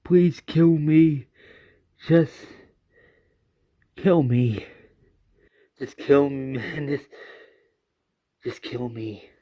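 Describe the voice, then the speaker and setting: A man's voice: medium pitch, steady tone, very slow, pauses often, muffled recording. A man doing a raving, sobbing madman. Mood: pleading. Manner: screaming with cracking cries. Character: unhinged grieving man, screaming and sobbing.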